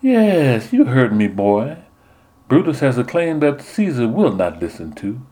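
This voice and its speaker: A man's voice: mid-range voice, big pitch swings, measured pace, warm tone, pitched above the performer's own voice. A man voicing a nun who plays Portia as a flirty southern belle, with a silky, sweet, coy voice.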